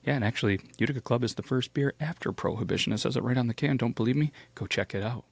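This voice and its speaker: A man's voice: mid-range voice, fast, vocal fry, slightly rough, no room sound. A man hosting a casual storytelling show, playful and jokey, with big swoops of emphasis. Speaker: host.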